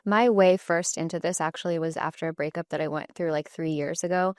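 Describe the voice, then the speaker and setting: A woman with a slightly low voice who hosts a podcast and talks in a chatty, easygoing way, dropping "like" into her sentences. The recording is dry and close. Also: brisk, dry recording. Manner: chatty, relaxed, frequent "like" fillers. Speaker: podcast host. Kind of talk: casual podcast interview.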